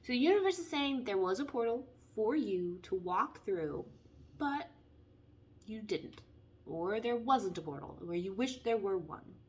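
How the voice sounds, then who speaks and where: A young woman giving a casual, playful tarot reading, chatty and animated as she talks through the cards. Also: medium pitch. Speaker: tarot reader.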